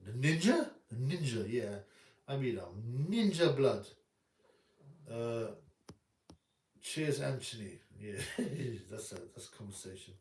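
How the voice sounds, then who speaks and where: A man's voice: mid-range voice, animated, takes it slowly, long pauses, darkish tone, slight background noise. Rambling man on a livestream. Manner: blunt, rambling, repeats himself. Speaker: boxing livestream host. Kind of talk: casual live-stream rant. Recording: roomy room, distant mic.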